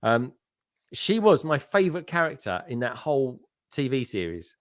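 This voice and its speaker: A man chatting as a livestream guest, colloquial and quick to laugh. His voice sits mid-pitch but swings widely, and the sound is dry and close. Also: big pitch swings, no room sound. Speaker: guest co-host. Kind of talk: casual livestream chat.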